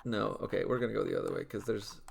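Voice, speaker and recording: A man's voice: fairly low pitch, creaky, a little hiss or hum. A young man giving casual gameplay commentary, listing names in a dry, matter-of-fact way with amused asides. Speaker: gaming video creator.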